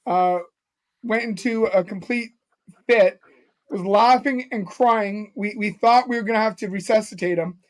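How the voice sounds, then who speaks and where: A man with a notably high voice hosts a casual podcast chat. He tells stories in a loose, rambling way, circling back and restarting as he goes. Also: a little slow. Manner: rambling storyteller with many fillers and restarts. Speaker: podcast host.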